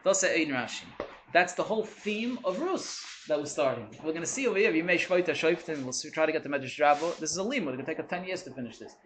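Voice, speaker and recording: A man gives an animated Torah lecture, acting out the voices of complainers as he goes. His voice sits a little high. The room is echoey, with a faint hum behind him. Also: fast talker. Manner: animated, mixing Hebrew and Yiddish terms, acts out complaints. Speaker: Torah teacher.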